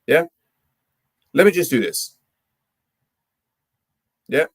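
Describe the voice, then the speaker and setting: A man's voice: fairly high pitch, sing-song, very slow, husky. A young man hosting a football live stream, ranting heatedly and tagging nearly every phrase with "yeah?" and "mate". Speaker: football livestream host.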